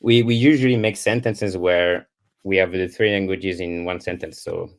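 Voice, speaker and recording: Deep-voiced Swiss French man, halting. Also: fairly even intonation. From Switzerland. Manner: hesitant, many restarts and fillers, searching for English words. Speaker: guest curler. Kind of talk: casual podcast interview. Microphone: remote call connection.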